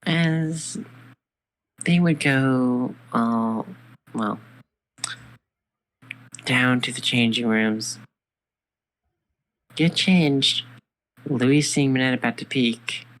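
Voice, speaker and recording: Woman, casual co-storyteller, slow and easygoing, improvising fan fiction. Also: extremely low pitch, low-quality recording. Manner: slow, casual, narrates and voices characters loosely.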